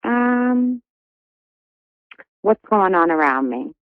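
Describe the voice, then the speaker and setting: A woman calling in to a psychic show, giving brief, soft-spoken answers. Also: mid-range voice, big pitch swings, very slow, no echo. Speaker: caller. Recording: tinny phone line.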